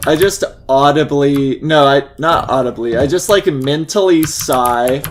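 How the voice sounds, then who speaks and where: Laid-back male co-host, very slow talker, faint typing behind. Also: on the high side, a little hiss or hum. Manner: laid-back, mostly brief agreeing replies. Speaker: podcast co-host. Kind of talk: casual chat.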